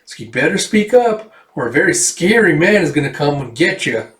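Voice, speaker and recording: A man's voice: fairly high pitch, big pitch swings, normal speed, fairly bright tone. A man voicing a blunt, threatening bounty hunter while reading a comic aloud. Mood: menacing. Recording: roomy, distant mic.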